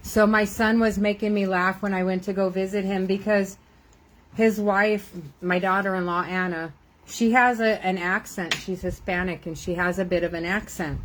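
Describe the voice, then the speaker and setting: A woman's voice: medium pitch, steady tone, moderate pace, rough recording. An older woman, a grandmother, chatting casually and rambling while she crafts on a live stream, laughing often.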